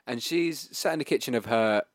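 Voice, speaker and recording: A man on a casual podcast, recapping a film plot loosely and with swearing. His mid-pitched voice moves around animatedly. The recording is dry. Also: animated, fairly quick, no room sound. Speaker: podcast co-host. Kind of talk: casual film review chat.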